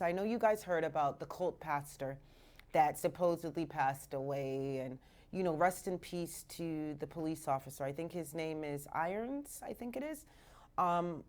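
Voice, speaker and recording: A woman radio host from Canada chats on air in a low-pitched, loose, animated way. She tosses in bits of Jamaican patois as she talks to listeners from the studio. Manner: chatty and animated, mixing in Jamaican patois phrases. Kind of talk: casual live radio talk.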